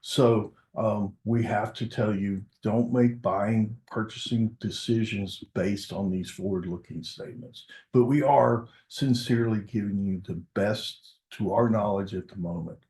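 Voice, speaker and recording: A man's voice: fairly low pitch, a little slow, few pauses, a little mellow, echoey room. A man presenting a corporate webinar as a product success manager, speaking casually and conversationally with frequent filler words.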